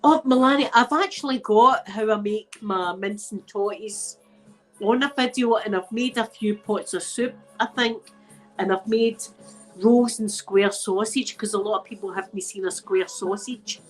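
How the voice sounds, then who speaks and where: A woman's voice: mid-range voice, a little slow, low-quality recording. A Scottish woman hosting a casual livestream from home, chatting with viewers in a rambling, laughing way, with a blocked nose. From Scotland. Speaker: ASMR channel host. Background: faint music playing.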